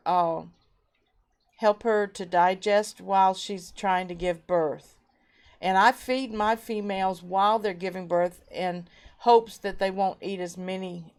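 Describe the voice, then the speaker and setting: A woman hosting a casual live stream from her home fish room, greeting viewers by name and reading their comments aloud into a webcam. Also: mid-range voice.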